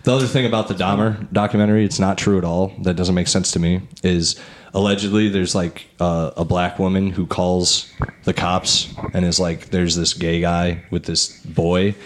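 Lowish guy host, blunt, swears, echoey room with a bit of hiss. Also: moderate pace. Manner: blunt, animated storyteller, swears casually. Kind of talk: casual chat. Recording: roomy echo with faint noise.

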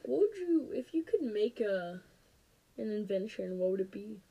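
A woman's voice: mid-range voice, sing-song, moderate pace, vocal fry, mellow, slightly rough, muffled recording. A young woman co-hosting a podcast in casual, joking chat, often saying "dude". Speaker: podcast co-host.

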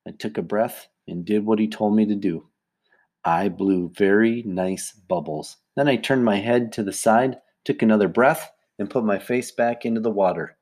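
A man's voice: on the low side, darkish tone. Man reading a children's audiobook. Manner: plain first-person storytelling. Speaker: audiobook reader. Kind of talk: audiobook narration.

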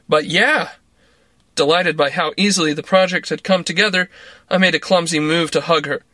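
A man reading a story aloud as narrator in a measured, even way. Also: on the high side, no echo.

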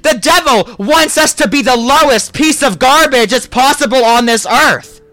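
A pastor preaching a sermon in repeated, declaring lines that rise to shouts. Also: sits high, no room sound.

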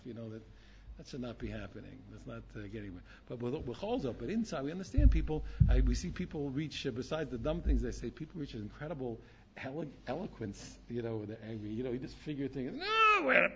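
A man teaching an informal Torah class, animated and repetitive, often asking "you understand?". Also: medium pitch, vocal fry, highs cut off, a little hiss or hum.

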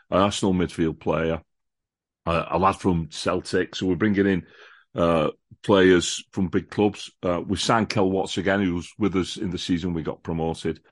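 A man with a deep, low voice talks casually about football as a podcast guest. He is enthusiastic and chatty, often restarting and repeating words. The sound is dry, with no room echo. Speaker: podcast guest, lifelong fan of the visiting football club. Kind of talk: casual chat, football preview.

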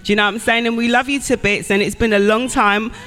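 An English woman hosts a relaxed radio interview, talking in a chatty way and filling her speech with "you know what I'm saying". Faint music plays behind her voice. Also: a little high, fast. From England. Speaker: radio host.

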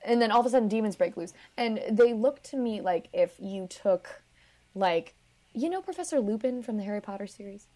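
A woman's voice: mid-range voice, expressive, fairly quick, dark tone. A woman casually recapping a movie in a rambling way, with lots of "like" fillers. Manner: rambling, peppered with "like".

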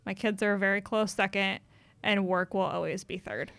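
Smooth-voiced woman, heartfelt podcast chat. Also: medium pitch, steady tone, moderate pace, fairly bright tone, no room sound. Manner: heartfelt, confessional, with many "like" fillers. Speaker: podcast co-host.

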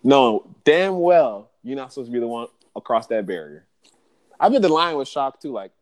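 A man hosting a podcast, telling a story with animated jokes, swearing and laughter in a casual chat. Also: mid-range voice, moderate pace, dry recording. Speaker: podcast host.

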